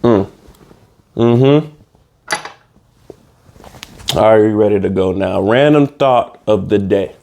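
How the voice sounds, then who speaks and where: A man's voice: lowish voice, takes it slowly, creaky, pauses often, darkish tone, a little hiss or hum. Guy doing a goofy solo podcast bit, slangy and loose, keeps repeating himself. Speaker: podcast host. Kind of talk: casual comedic monologue.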